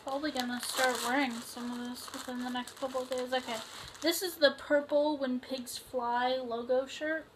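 A young woman vlogging a casual unboxing of a clothing haul, excitable and chatty, full of fillers and gushing exclamations. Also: high-pitched, moderate pace, a little hiss or hum, rough recording.

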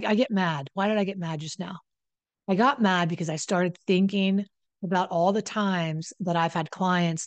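A woman coach talks straight to the camera in a fairly low voice, blunt and full of swearing. She keeps acting out what other people say, and the close, dry mic keeps her voice up front with no room sound. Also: no room sound. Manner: blunt and profane, acts out quoted voices. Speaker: relationship recovery coach. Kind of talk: direct-to-camera advice talk.

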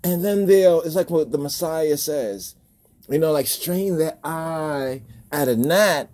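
A man's voice: on the high side, slow pace, a little mellow. A man hosting a religious video, talking in a casual monologue full of repeated rhetorical questions and chuckles.

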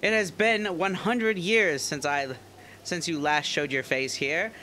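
A man's voice: a little high, unhurried, pushed and bright, slight background noise, voice pushed up. A man voicing an angry, vengeful male fish-folk soldier, reading game dialogue aloud in an accusing, declaiming way.

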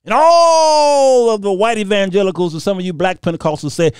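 A man hosting a Bible commentary show, preaching in an animated, mocking way, laughing often and reading scripture aloud. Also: high voice, moderate pace, clean tone, no echo, clean studio sound.

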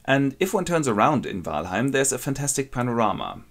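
A man's voice: medium pitch, big pitch swings, a little fast. A man wryly retelling a classic novel as a comic summary. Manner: wry, ironic storytelling. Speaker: narrator.

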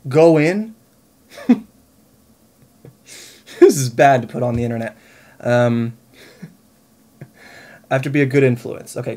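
A man's voice: mid-range voice, darkish tone. A young man around twenty, a little tipsy, chatting and rambling to the camera while eating, laughing often. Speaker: vlogger. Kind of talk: casual chat to camera.

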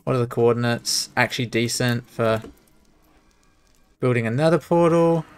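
A man's voice: medium pitch, normal speed, clear, resonant tone. A young man streaming, talking to himself as he plays a speedrun, muttering and exclaiming at the game. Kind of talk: live commentary while speedrunning a game.

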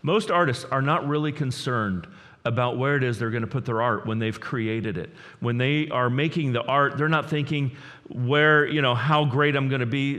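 A male pastor preaching with rising energy, his voice climbing and pushing hard at the excited peaks before settling back down. His middle-pitched voice carries a long reverb from the church hall around him, and he stumbles into repeated words when fired up. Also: moderate pace. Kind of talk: sermon.

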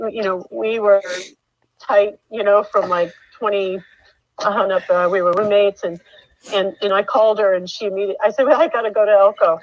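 A middle-aged woman telling her story in an interview, halting with many fillers and restarts, her voice rising when upset. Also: mid-range voice, no echo. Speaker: mother of a missing man, interview guest. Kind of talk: emotional interview account. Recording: dull dry lo-fi sound.

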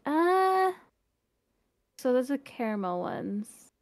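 A woman hosting a casual chat, ranking candy, animated and quick to laugh. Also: high voice, no echo, studio quality.

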